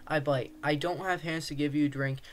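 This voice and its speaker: A man reading aloud, voicing a friendly male rattlesnake that grants wishes, in a calm, matter-of-fact way of explaining things. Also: on the high side, brisk, lightly acted.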